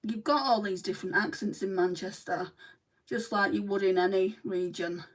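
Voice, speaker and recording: On a beauty livestream, a woman with a Lancashire accent, from Lancashire herself, chats casually while responding to viewers' comments. Her pace is moderate and her pitch medium, but the audio is poor and picked up from a distance.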